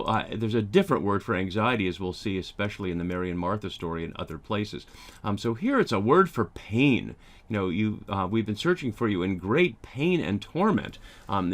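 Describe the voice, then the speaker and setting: Male Bible teacher, slightly low voice, halting lecture pace with frequent fillers. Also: fairly bright tone. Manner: thoughtful, many ums and restarts. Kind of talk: lecture over slides.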